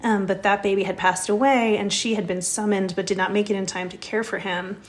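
Middle-aged woman doctor answering interview questions, calm and explanatory, lots of thinking pauses. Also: mid-range voice. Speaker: neonatologist guest.

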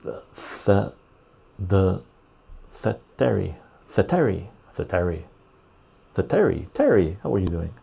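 Hosting a casual livestream podcast, this middle-aged West Coast Canadian has a low, very animated voice that's warm, creaky and breathy-edged. He moves at a measured pace, pauses often, and loosely answers viewer chat he reads aloud, using lots of fillers.

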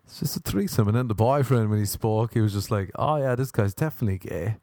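A young Irish man telling a rambling, animated story. He laughs and jumps up in pitch for emphasis. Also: fast talker, no room sound, studio quality. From Ireland. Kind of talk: casual storytelling monologue.

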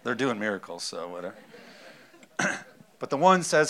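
A man's voice: mid-range voice, very animated, unhurried, long pauses, a bit bright. A man preaching a sermon in a conversational way, acting out little asides and reading scripture aloud. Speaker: pastor.

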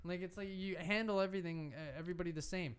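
A man's voice: sits high, quick pace, clear, resonant tone. A young man co-hosting a podcast, chiming in with jokes and short stories, stammering on restarts. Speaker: podcast co-host. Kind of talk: casual chat.

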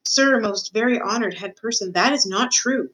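A woman's voice: a little high, moderate pace, fairly bright tone, natural voice, low-quality recording. A small, brave storybook mouse who speaks formally and pleads with sincere urgency. A woman reading the book gives him a plain voice, only slightly raised. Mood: pleading. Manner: earnest and pleading.

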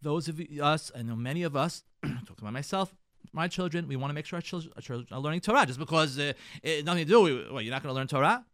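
Higher-voiced rabbi giving advice. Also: male voice, lively intonation, fast, dry recording, clean studio sound. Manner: coaching, acts out sample dialogues in a softer voice; repeats phrases, stammers on word starts. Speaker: rabbi and radio show host. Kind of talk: advice talk to listeners.

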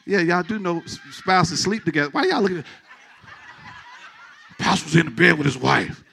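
A middle-aged pastor delivers an animated, emphatic sermon, restarting and repeating words as he jokes with his congregation. His voice sits fairly high and sounds husky with vocal fry, moving at a moderate pace.

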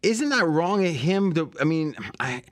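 Podcast host guy, bit high voice, jumps around a lot, keeps cutting in with questions. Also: big pitch swings, unhurried. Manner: probing questions, frequent interjections. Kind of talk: casual podcast chat.

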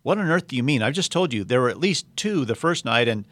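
A man's voice: mid-range voice, expressive, quick pace, a bit bright, voice pushed up, lightly acted. Man doing a scared young boy, storybook reading, anxious, pleading, questioning, raised voice. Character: frightened boy, lost and pleading.

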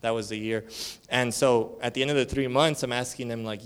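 Man, church elder, sermon, casual storytelling, slang and fillers, mid-pitched voice. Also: steady tone, a little fast, clean tone. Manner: acts out dialogue with shifting voices. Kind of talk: conference sermon.

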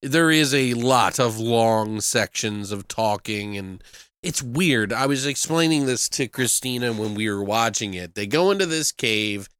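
A man's voice: medium pitch, animated, measured pace, a bit bright, clear, resonant tone, no room sound. A man in casual chat as a podcast host, rambling with lots of fillers and swearing. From United States. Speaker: podcast host reviewing films.

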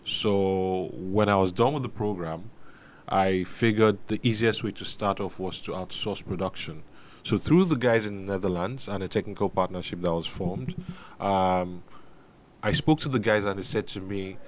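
A man with a fairly low voice, a guest in a studio interview. He recounts his story at a steady, relaxed pace, pausing to think now and then. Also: a little hiss or hum. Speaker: guest, sneaker company founder.

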